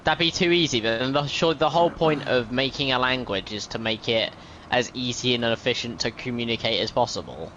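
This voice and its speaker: A man's voice: medium pitch, a little fast, muffled recording, crowd noise. A young man with an English accent in casual gaming chat, joking crudely and swearing often. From England.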